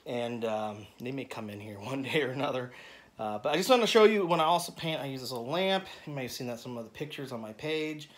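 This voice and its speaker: A man's voice: medium pitch, lively intonation, fast, fairly bright tone, rough recording. A middle-aged man from the United States, hosting an art tutorial from his home studio, talking casually with many restarts. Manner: rambling, self-correcting, chuckling. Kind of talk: casual talk to camera.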